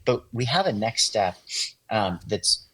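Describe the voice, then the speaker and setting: Husky low-voiced man explaining at length. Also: measured pace, rough recording. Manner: relaxed, explanatory, many fillers. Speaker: guest, design agency founder. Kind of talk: casual interview talk.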